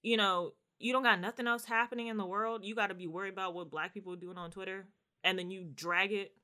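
Young DC-woman co-host, bright edge, blunt and opinionated, casual slangy chat. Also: mid-range voice, fairly even intonation, quick pace. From DC–Maryland–Virginia area. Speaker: podcast co-host.

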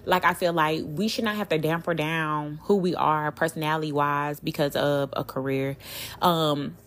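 A young woman hosts her solo podcast in a candid, animated way. Her speaking voice sits a little lower than most women's. She talks in slang and curses freely as she confides in her listeners. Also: normal speed. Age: young adult. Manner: talks straight to listeners, often asking "you hear me?". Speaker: podcast host. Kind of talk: casual solo podcast talk.

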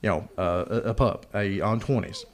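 A man's voice: fairly low pitch, normal speed. A man, hosting a podcast and telling a long, rambling, joking story. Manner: rambling, laughs often, plays up the joke. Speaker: podcast host. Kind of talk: casual storytelling.

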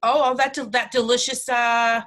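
A woman's voice: fairly high pitch, flat delivery, normal speed, a bit bright. A woman co-hosting a casual podcast chat, playful and teasing, laughing easily. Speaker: podcast co-host.

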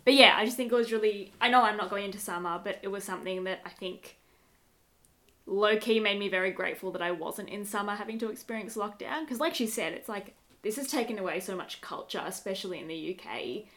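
A woman's voice: mid-range voice, fast, a bit bright. A woman co-hosting a podcast in casual chat, talking loosely with many fillers and laughs. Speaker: podcast co-host.

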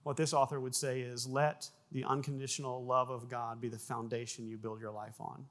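Animated male pastor preaching. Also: mid-range voice, normal speed. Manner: animated storytelling, repeats words, sound effects in anecdotes. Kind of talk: sermon.

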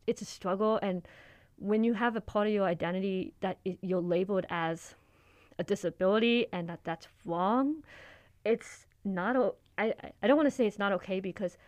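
A young woman with a mild speech impediment who tends to talk fast. She reads her own essay, then answers questions casually with fillers. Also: medium pitch, dry recording. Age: young adult. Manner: quick-talking, with frequent fillers in conversation. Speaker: student writer and guest.

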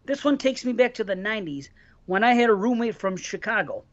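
A man hosts a casual podcast and reads listener mail aloud to his co-hosts. His pitch swings widely as he talks, and the audio is a little dull and lo-fi. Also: expressive, a little fast, fairly bright tone. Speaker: podcast host.

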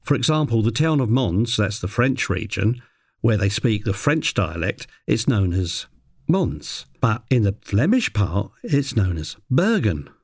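A man's voice: sing-song, unhurried, husky, no room sound. A man recalling a work story in a dry, wry storytelling manner. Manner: mimics a parrot in a high voice. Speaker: animal handler telling a story. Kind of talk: personal anecdote narration.

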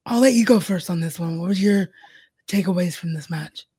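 A woman's voice: fairly low pitch, a little fast, dark tone, husky. A woman co-hosting a casual fan chat show from home, agreeable and steering the talk back on track. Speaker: podcast co-host.

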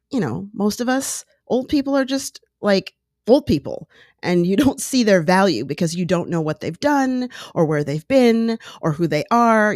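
A woman hosting a casual talk show, chatting in a digressive, animated way as she retells an old clip. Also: on the low side, no echo, studio quality. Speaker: podcast host. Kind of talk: casual monologue commentary.

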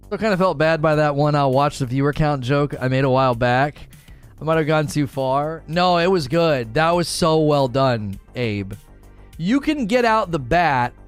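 A young adult man chatting casually on a live stream, talking with animation and laughing often. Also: a little high.

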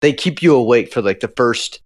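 A man's voice: mid-range voice, lively intonation, fairly quick. A man co-hosting a podcast, bantering bluntly with a friend, self-deprecating and swearing freely. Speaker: podcast co-host. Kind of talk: casual podcast chat.

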